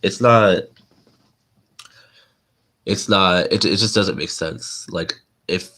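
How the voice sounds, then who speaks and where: A man's voice: low voice, takes it slowly, bright, forceful tone. A man in his twenties hosting a live stream, talking to viewers in a rambling, blunt, informal way with casual slang. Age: 20s.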